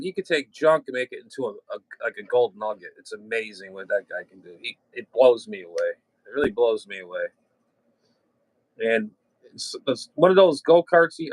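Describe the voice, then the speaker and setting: A middle-aged man talks loosely on a ham radio chat, wandering from one story to the next with false starts and the odd curse. His voice sits at an ordinary pitch and is recorded dry, with no room sound around it. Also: a bit bright, dry recording, rough recording. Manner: rambling, chatty, with restarts and mild cursing.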